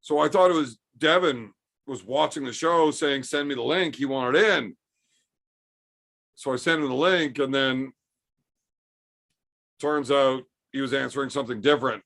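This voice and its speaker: Brief: tipsy male stream host, gravelly voice, foul-mouthed and rambling. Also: mid-range voice, normal speed, long pauses, a bit bright. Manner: profane, rambling storyteller. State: drinking, tipsy. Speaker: livestream host reading chat. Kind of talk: casual storytelling chat.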